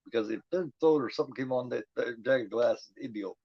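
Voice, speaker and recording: A man's voice: mid-range voice, fast, gravelly, darkish tone, husky, dry recording, dull audio. A man giving casual, profane commentary while watching a movie, talking back at the screen.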